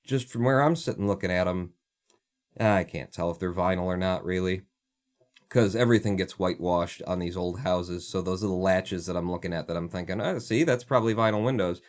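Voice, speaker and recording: A man's voice: low voice, fairly even intonation, a little fast, a little mellow. A man hosting a casual livestream, ranting sarcastically and swearing freely as he chats. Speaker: livestream host.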